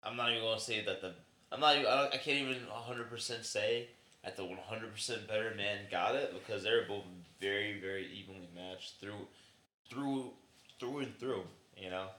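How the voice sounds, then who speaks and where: Guy rambling on a podcast, low bright voice, echoey room. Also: brisk. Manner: laid-back, rambling, swears freely. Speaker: podcast co-host. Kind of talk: casual chat.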